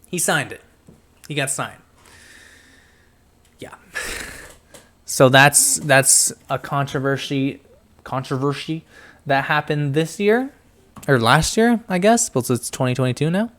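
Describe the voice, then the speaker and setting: Talking slowly and pausing often, a young man hosts a casual pop culture podcast in a medium-pitched, slightly bright voice. He rambles, gets sidetracked easily, and mumbles while reading things out.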